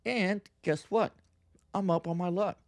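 Recorded in a clean studio with no room sound, this man's high-pitched, darkish voice stays fairly even in intonation and moves at a measured pace. In his thirties, he hosts a podcast and delivers a casual, profane monologue, mocking others brashly and imitating them in whiny tones.

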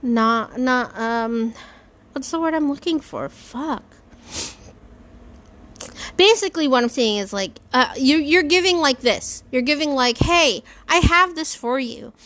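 Rambling woman with a highish voice. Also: expressive, a little slow, long pauses, a bit bright. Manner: rambling, swears freely, lots of fillers and self-talk. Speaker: podcast host. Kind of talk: casual solo podcast monologue.

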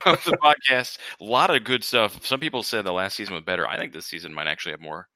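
A man's voice: low-pitched, animated, rapid-fire, sharp tone, no echo. A man hosting a casual podcast chat, joking and self-deprecating. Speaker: podcast host.

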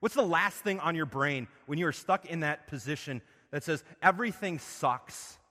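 A man preaching a sermon, asking his listeners questions and swinging between loud emphasis and quiet, low passages. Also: normal speed, big-room sound. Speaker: pastor.

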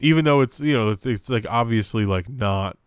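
This young male podcast co-host chats casually about a wrestling review, rambling with plenty of fillers and restarts. His mid-range voice moves fairly quickly and smoothly, recorded in studio quality with no room sound.

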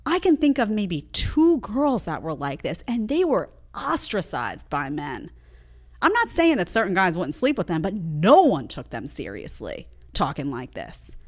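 A woman's voice: on the low side, huge pitch swings, a little slow. A woman hosting a live show, reacting to clips with indignant, mocking commentary. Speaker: host. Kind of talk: opinionated live-stream commentary.

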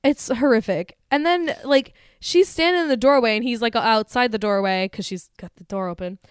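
A woman co-hosting a horror movie podcast, retelling scenes in animated, sweary casual chat. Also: fairly high pitch, normal speed, clear, resonant tone, no room sound. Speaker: podcast co-host.

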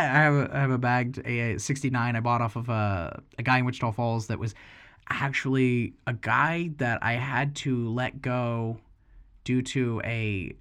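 A man's voice: medium pitch, a bit bright. A young man, a tattoo shop owner, chats casually on his podcast. He tells loose, rambling, profane stories and acts out the lines of the people in them. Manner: rambling, profane storytelling with acted-out quotes.

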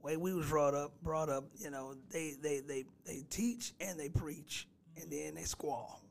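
A pastor and gospel singer with a raspy voice, chatting easily on a radio show and laughing often. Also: male voice, on the high side, a little slow, a little hiss or hum. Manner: laid-back, laughs easily, sings snatches of his songs. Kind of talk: casual radio interview chat.

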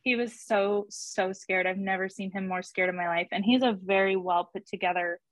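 A young woman chatting through a personal story as an interview guest, animated when she quotes people and laughing often. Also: mid-range voice, moderate pace, low-quality recording. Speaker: guest telling her birth story.

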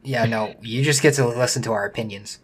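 A man co-hosts a casual podcast, speaking in a halting, unsure way and filling gaps with ums. His voice sits at an ordinary middle pitch. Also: husky. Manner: hesitant, halting, many ums. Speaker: podcast co-host.

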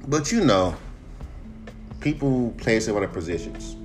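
A man's voice: lowish voice, lively intonation, a little slow, long pauses, faint music behind. A man ranting casually on a podcast, emphatic and full of profanity. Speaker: podcast host.

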